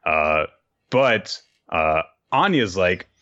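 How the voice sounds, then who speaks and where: A man with a very low voice recaps a story in casual chat. He rambles, stacking fillers and tossing off crude asides. The audio is a little dull and lo-fi. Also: big pitch swings, drawn-out words, pushed and bright. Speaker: podcast host recapping a manga.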